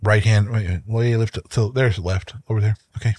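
Low-voiced man telling a story. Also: fairly even intonation, normal speed, darkish tone. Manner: rambling, with frequent restarts and repeated words. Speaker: podcast co-host. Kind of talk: casual chat, personal storytelling.

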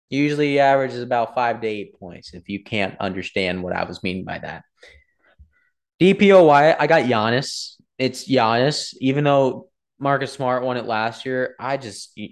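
A young man chatting casually about basketball, rambling and correcting himself as he talks to his viewers. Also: mid-range voice. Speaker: sports vlogger. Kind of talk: casual sports commentary.

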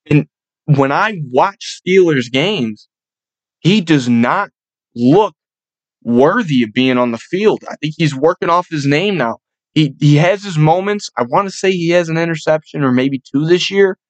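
A man's voice: fairly high pitch, no echo. A young man hosting a casual sports chat, rambling and swearing freely. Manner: profane, rowdy, rambling. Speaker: sports podcast host.

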